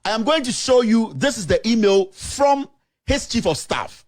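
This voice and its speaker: A man's voice: extremely high pitch, animated, normal speed, no room sound. A man with a Ghanaian accent, a journalist reading out official statements with emphatic commentary. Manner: emphatic, reads statements aloud, slips into local language. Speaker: journalist presenting documents. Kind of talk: animated commentary to camera.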